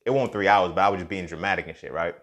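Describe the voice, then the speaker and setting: Young man, somewhat low voice, casual motivational talk, profane, storytelling. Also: racing, a bit bright. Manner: profane, storytelling, keeps asking "you feel me". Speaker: podcast host.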